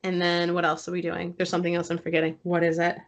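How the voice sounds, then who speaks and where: A woman's voice: fairly low pitch, monotone, quick pace. A woman guesting on a podcast who is feeling sick, chatting casually, laughing often and swearing freely. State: sick, slightly hoarse voice.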